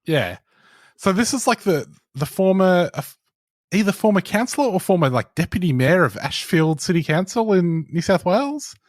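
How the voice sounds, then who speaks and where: A man's voice: high-pitched, sing-song, moderate pace, dry recording, studio quality. A young man, co-hosting a podcast in casual chat, telling stories in a wry, sardonic way. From Australia. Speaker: podcast co-host.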